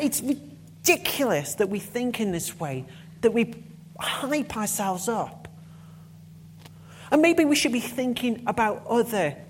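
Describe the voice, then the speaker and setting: A woman's voice: on the low side, a little mellow, slight background noise. A woman giving a conference talk, passionate and emphatic, with blunt swearing when annoyed. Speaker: conference speaker.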